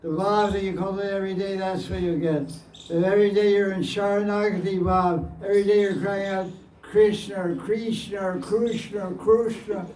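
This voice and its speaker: Male spiritual teacher, high voice, unhurried and repetitive; distant, roomy recording. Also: fairly even intonation, darkish tone. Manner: plain-spoken, repeats phrases, chuckles often. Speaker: spiritual teacher answering questions. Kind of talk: devotional question-and-answer talk. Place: indoor gathering room. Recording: echoey room, distant mic, faint hiss.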